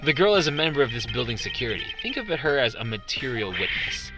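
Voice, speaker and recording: A man voicing a cool, haughty male prosecutor who speaks in a measured, formal, condescending way. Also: mid-range voice, sing-song, music in the background, natural voice. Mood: composed.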